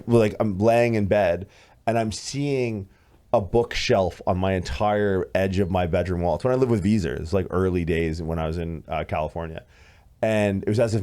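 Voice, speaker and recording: A man in his thirties co-hosting a podcast, telling a story in casual chat, animated and swearing, acting out what others said. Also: low-pitched. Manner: animated, swearing, acts out quoted voices loudly. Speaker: podcast co-host.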